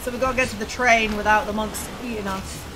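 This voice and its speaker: A woman's voice: mid-range voice, steady tone, quick pace, background noise. A woman commenting while playing a video game, reacting aloud in a chatty, exclaiming way. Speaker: gamer. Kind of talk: let's-play commentary.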